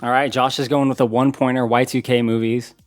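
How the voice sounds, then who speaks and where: A man in his thirties runs a trivia game on a casual podcast. His voice sits at an ordinary middle pitch and stays chatty and easygoing. He laughs often and reads each clue out plainly, with faint music under him. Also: level tone, fast. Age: 30s. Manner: chatty, laughs easily, reads clues aloud. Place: in-person podcast studio.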